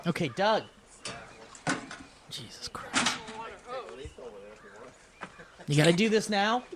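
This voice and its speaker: A man co-hosting a comedy podcast in casual chat, excitable, often bursting into shouted play-acting. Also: high-pitched, unhurried, noisy background. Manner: excitable, acts out scenes in loud shouted voices. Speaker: podcast co-host.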